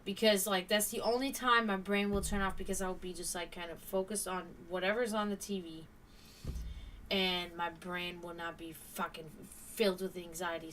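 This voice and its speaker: A woman's voice: medium pitch, fairly bright tone. Giggly, tired woman streamer. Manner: giggly, chatty, swears freely. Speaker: live streamer reading chat. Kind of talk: casual live-stream chat. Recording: distant mic with faint background noise.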